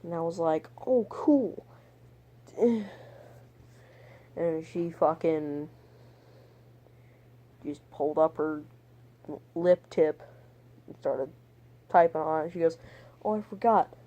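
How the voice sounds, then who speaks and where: A man's voice: fairly high pitch, fairly even intonation, takes it slowly, pauses often, warm tone, dull audio. A young man telling a story in a rambling vlog monologue, crude and profane, trailing off topic and muttering whispered asides. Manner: meandering, drifts off topic. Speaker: vlogger.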